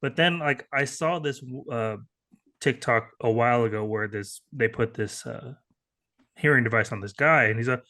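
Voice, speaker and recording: A man's voice: mid-range voice, moderate pace, bright, forceful tone. A man co-hosting a podcast, telling anecdotes casually with lots of hesitations. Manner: hesitant, filler-heavy storytelling. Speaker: podcast co-host.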